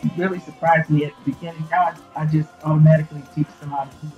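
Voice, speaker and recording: A woman's voice: sits low, level tone, very fast, narrow, tinny audio, soft background music. A woman who teaches business, answering interview questions hesitantly from a computer mic held too far away. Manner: hesitant, many fillers.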